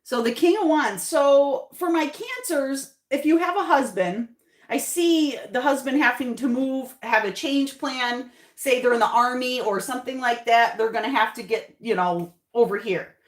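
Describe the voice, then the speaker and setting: Female tarot reader, higher voice, loose reassuring chat, repeats lines, echoey room. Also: expressive, normal speed. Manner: chatty, reassuring, repeats phrases. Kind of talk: casual tarot reading to camera.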